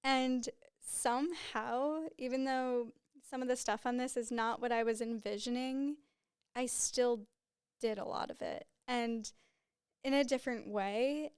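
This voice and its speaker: A woman in her twenties rambles with open emotion while hosting a casual solo podcast on a podcast microphone in a small studio with a white backdrop. Her voice is slightly high, clear, and resonant with a darkish tone and fairly even intonation, and she takes her time. The recording is dry.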